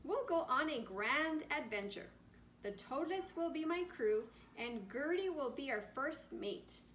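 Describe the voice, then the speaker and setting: Woman voicing old male sea captain, gruff, lower voice, storybook, unhurried. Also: animated, a bit bright, a little hiss or hum. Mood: hearty.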